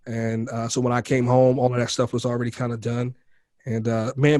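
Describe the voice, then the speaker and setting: A man's voice: mid-range voice, level tone, brisk, a little mellow, no room sound, clean studio sound. A man as a podcast guest, candidly telling his life story in casual talk, calling the host bro and man.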